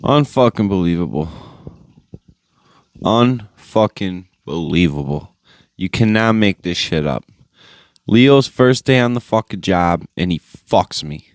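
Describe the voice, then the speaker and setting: Profane rambling young podcast host. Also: male voice, lively intonation, measured pace, clean tone, dry recording, clean studio sound. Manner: profane, rambling, lots of fillers; mocking high-pitched impressions of others. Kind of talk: casual solo podcast rant. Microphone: phone mic.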